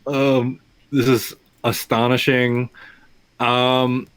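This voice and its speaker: A man's voice: mid-range voice, little pitch movement, drawn-out words, clear, resonant tone. A man running a tabletop game as game master, narrating in a rambling, apologetic way. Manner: rambling, apologetic, stumbling restarts.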